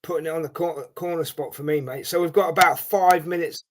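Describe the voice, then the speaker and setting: A man hosting a live football watchalong, reacting with animated exasperation and calling everyone "mate". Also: on the high side, brisk, a little hiss or hum. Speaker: watchalong host.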